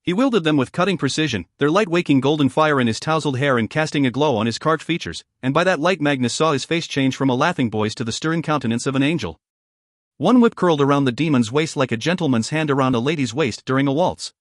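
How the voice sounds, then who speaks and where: A man reading an audiobook narration in a measured, expressive storytelling manner. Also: a little high, no room sound, studio quality. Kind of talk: scripted narration.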